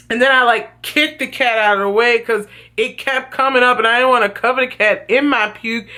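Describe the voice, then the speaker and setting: A woman vlogger telling a story from her childhood in a casual, profane, animated way. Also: fairly high pitch.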